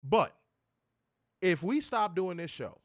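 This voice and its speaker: A man's voice: high voice, sing-song, slow pace, fairly bright tone, no echo, clean studio sound. A man co-hosting a wrestling review show, ranting in casual, profane talk and repeating words as he gets heated. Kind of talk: casual podcast rant.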